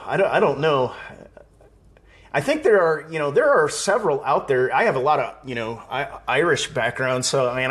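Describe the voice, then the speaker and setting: A man's voice: a little high, a bit bright. A man from Wisconsin hosting a live fan stream, chatting casually, reading viewer comments aloud and laughing easily. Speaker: live show host.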